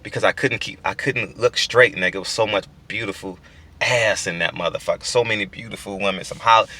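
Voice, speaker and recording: Bright-voiced, emphatic man ranting. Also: fairly low pitch, brisk. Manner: emphatic, profane and repetitive, with stammered restarts. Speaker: boxing channel host. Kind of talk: casual monologue.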